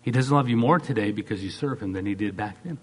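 A man preaching a sermon, acting out quoted voices and swinging from loud, fast bursts to soft, slow stretches. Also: fairly low pitch, slightly rough.

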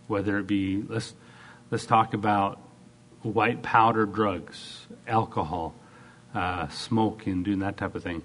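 A man preaching a sermon, acting out quoted voices and swinging from loud, fast bursts to soft, slow stretches. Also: fairly low pitch.

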